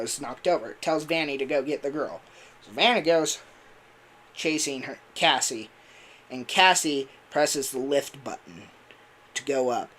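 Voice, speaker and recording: A man's voice: medium pitch, fairly bright tone, a little hiss or hum. A man who voices characters, chatting casually on a livestream in a rambling way with lots of fillers. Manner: rambling, full of fillers and laughs. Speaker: voice actor and streamer.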